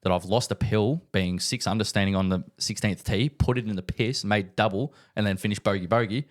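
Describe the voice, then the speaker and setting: A young man co-hosting a casual podcast, his voice sitting a little low. He tells stories in an animated way, repeating words and swearing freely. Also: fairly quick. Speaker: podcast co-host. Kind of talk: casual chat.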